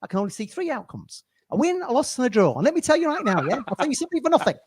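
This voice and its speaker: A man's voice: very high voice, big pitch swings, racing, husky, dry recording, voice pushed up, heavily acted. A man putting on an impression of a brash, boastful male football pundit, speaking in rambling, punchy declarations.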